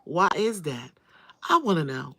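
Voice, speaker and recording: A woman's voice: sits low, very animated, a little slow, pushed and bright, breathy edge. A woman hosting a casual livestream, talking straight to her viewers, greeting them by name and repeating phrases for emphasis. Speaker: livestream host. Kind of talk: casual live-stream chat.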